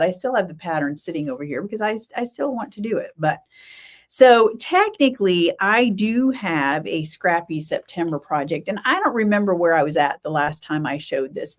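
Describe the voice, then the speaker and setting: A woman hosts a casual live-stream chat in a slightly low voice. She rambles easily, with lots of ums and quick self-corrections. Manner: chatty, rambling, many fillers and self-corrections. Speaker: podcast host.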